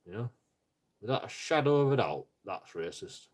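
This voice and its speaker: A man's voice: fairly low pitch, big pitch swings, normal speed, darkish tone. A man ranting casually on a live stream, rambling and profane, with lots of stumbling restarts.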